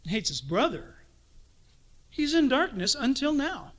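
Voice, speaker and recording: A man preaching a sermon as pastor, animated, swinging from sudden shouts to hushed asides. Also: very high-pitched, measured pace.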